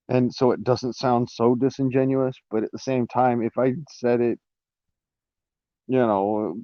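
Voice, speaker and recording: A man's voice: medium pitch, unhurried, long pauses, mellow, no room sound, dull audio. A man talking through a casual live-stream monologue, rambling with restarts and fillers, swearing now and then.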